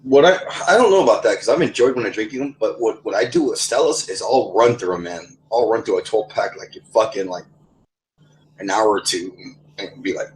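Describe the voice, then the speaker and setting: A man's voice: lowish voice, fairly quick, darkish tone, a little hiss or hum, poor audio. A young man in a casual online voice chat, telling rambling, profane stories on a headset mic. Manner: rambling, profane, many restarts. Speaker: gamer in voice chat.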